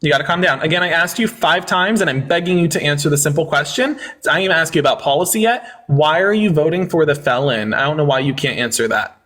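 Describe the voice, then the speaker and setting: A man with a notably high voice hosts a heated live debate. He talks over his guest with mocking, rapid-fire rhetorical lists and barely pauses. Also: expressive, fairly bright tone. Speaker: livestream debate host.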